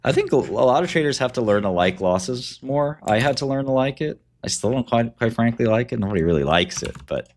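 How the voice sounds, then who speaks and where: A man's voice: medium pitch, animated, brisk, hardly any pauses, darkish tone, a little hiss or hum. A man hosting a casual livestream, talking trading in a blunt, offhand way and giving advice. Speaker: livestream host and trader.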